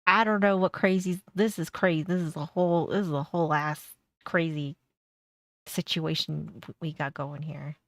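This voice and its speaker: A woman's voice: low voice, steady tone, normal speed, no room sound, studio quality. A woman streamer giving blunt, sarcastic reaction commentary on a video and laughing often.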